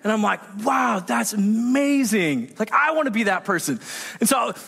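A man preaching a sermon in an animated storytelling manner, acting out the voices of people in his anecdotes. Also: high-pitched, moderate pace, gravelly, slightly rough. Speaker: pastor. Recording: echoey hall reverb.

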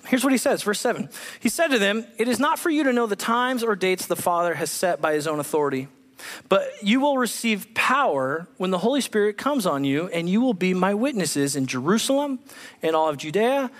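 A pastor preaches with a high, bright-pitched voice that carries through a large church. He throws himself into the story, acting out the voices of the people he reads about. His words ring out with a long echo from the hall. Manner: animated, acts out voices of bible figures. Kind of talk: sermon. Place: church sanctuary.

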